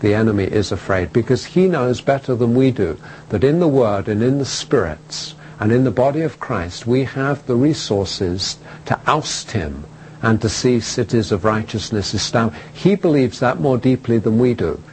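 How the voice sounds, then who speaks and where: A male preacher delivering a sermon with a voice of ordinary, middle pitch. He speaks emphatically, leans on repetition and rhetorical questions, and pauses between phrases. A faint hiss sits under the voice. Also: lively intonation, a little mellow, rough recording.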